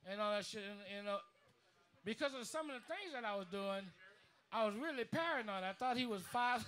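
New drummer with a very high voice, swearing and rambling through a story on a bar stage mic. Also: male voice, a bit bright. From New Orleans. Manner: profane, rambling, lots of restarts. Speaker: drummer and bandleader. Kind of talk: onstage storytelling speech. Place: live music bar stage.

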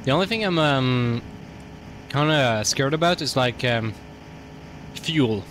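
A man's voice: medium pitch, animated, slow pace, a bit bright, slight background noise. Profane, casual male game streamer. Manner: loose, profane, thinking aloud. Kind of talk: casual gameplay commentary.

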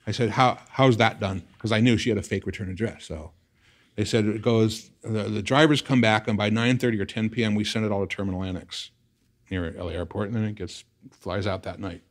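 A little fast in delivery, this middle-aged interviewee from the San Fernando Valley in California acts out past conversations while telling a story. He's an animated narrator whose voice jumps high when excited.

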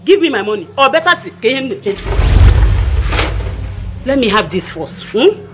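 A woman's voice: fairly high pitch, very animated, a little slow, music in the background. A woman with a Nigerian accent, playing a blunt creditor who scolds a man for her money. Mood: scolding. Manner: scolding, bossy. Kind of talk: Nollywood film acting.

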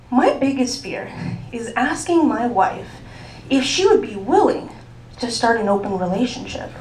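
A woman's voice: a little high, a little hiss or hum. A woman from Mexico performing a stand-up comedy set on a club stage, chatty and teasing the crowd. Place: comedy club stage before a live audience. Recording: echoey club with crowd laughter.

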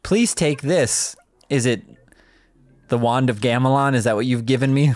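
A woman presents a video game with casual play-by-play commentary, reacting out loud excitedly and laughing a lot. Her voice rumbles low and she keeps a moderate pace.

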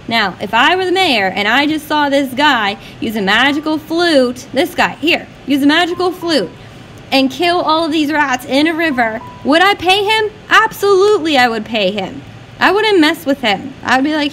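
A woman teacher annotating a poem for her class in a lively, chatty way, asking questions as she goes. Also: high-pitched, unhurried, a little hiss or hum, poor audio.

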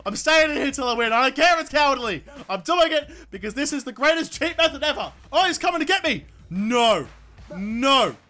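A young man commentating a brawling game, loud and excitable, yelling and swearing a lot. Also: very high voice, brisk. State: sore throat from yelling. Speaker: gaming YouTuber. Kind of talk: let's play commentary. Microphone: desk microphone.

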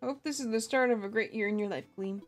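A woman's voice: fairly high pitch, fast talker, soft background music. Giggly woman streamer. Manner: giggly, chatty, affectionate, often laughing. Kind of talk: casual gaming livestream chat.

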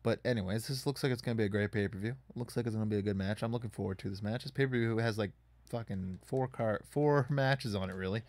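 A man's voice: lowish voice, fast, a little mellow, dry recording. A man casually commenting on a wrestling video game as he plays, rambling and swearing in frustration at it. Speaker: gaming YouTuber.

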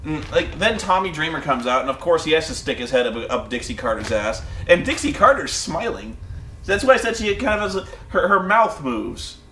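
Man, casual podcast chat, profane, animated, high voice, sharp tone. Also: fairly quick, reverberant. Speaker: podcast host.

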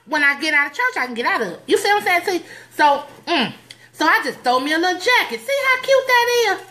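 A woman's voice: very high-pitched, sharp tone. A woman giving playful, sassy, preachy advice in a comedic skit, recorded indoors at home. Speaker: comedic church advice host.

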